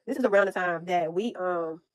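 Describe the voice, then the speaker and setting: A young woman telling a story in a blunt, profane, animated way, in casual chat. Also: fairly low pitch, fairly quick, no echo. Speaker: storyteller host.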